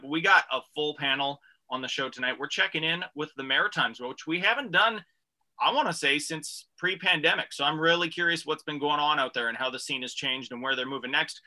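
Bright, energetic male radio host. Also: a little high. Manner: energetic, jokey, drawn-out announcer delivery. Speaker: radio comedy show host. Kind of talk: upbeat radio show hosting.

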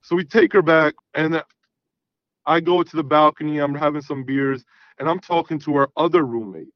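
Podcast guest, man, raunchy animated storyteller, slightly high voice, dull dry recording. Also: normal speed, no echo. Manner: profane, animated, acts out quoted dialogue. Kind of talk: casual storytelling.

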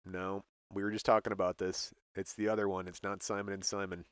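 A man co-hosting a casual chat show, telling a story with lively voiced quotes and frequent laughter. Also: low-pitched, a little fast, clean tone, no echo, clean studio sound. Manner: animated storyteller, acts out quotes, laughs often. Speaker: podcast co-host.

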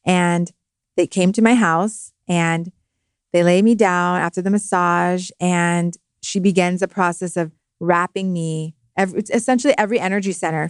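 Smooth-voiced woman sharing a birth story. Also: lowish voice, dry recording, clean studio sound. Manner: earnest, spiritual, emotional at times. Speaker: podcast guest. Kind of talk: heartfelt personal storytelling. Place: recording studio.

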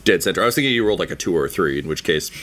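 A man narrating a tabletop game as game master, halting and full of ums. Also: sits low, lively intonation, a bit bright.

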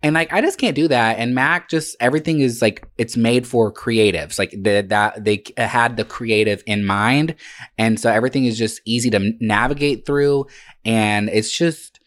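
A man's voice: medium pitch, moderate pace. A man chatting casually as a podcast co-host, gushing and slangy, often restarting his sentences. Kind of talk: casual chat.

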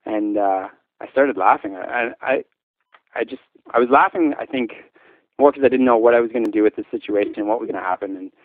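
A man from Newfoundland, Canada, recounting a frightening memory in casual speech, halting often with restarts and fillers. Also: fairly low pitch, dry recording, narrow, tinny audio. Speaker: schoolteacher telling his story. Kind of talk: casual spoken recollection.

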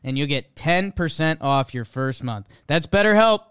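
A man's voice: fairly high pitch, lively intonation, moderate pace, a bit bright, clear, resonant tone. A man co-hosting a sports podcast, talking with enthusiasm and rambling through ad reads and stats. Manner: enthusiastic, rambling, repeats words. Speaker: podcast co-host. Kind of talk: casual sports podcast chat and ad read.

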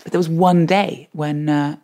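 A woman guest telling a comic anecdote in a lively, self-mocking way, often laughing. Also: low voice, a little slow. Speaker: podcast guest.

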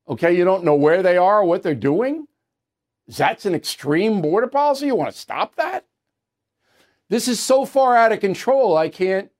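A man hosting an opinionated news commentary show, talking in an indignant, sarcastic way with scoffing asides, in a studio. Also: sits high. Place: studio with earpiece to producers.

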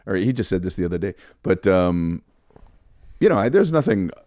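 A man's voice: low voice, sing-song, moderate pace, a little mellow, no room sound, clean studio sound. An older man, a comedian guest, telling easygoing anecdotes in a casual chat.

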